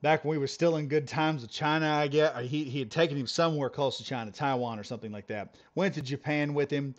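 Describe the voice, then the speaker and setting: A man streaming a game while telling a long, animated story with lots of laughs and restarts. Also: fairly high pitch, fast, lo-fi sound. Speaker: gaming streamer. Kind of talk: casual storytelling on a live stream.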